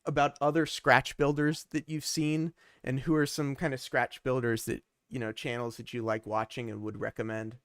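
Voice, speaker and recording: A man's voice: medium pitch, little pitch movement, moderate pace, hardly any pauses, clean tone, no room sound, clean studio sound. Easygoing man reading viewer questions. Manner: easygoing, joking. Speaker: live stream host.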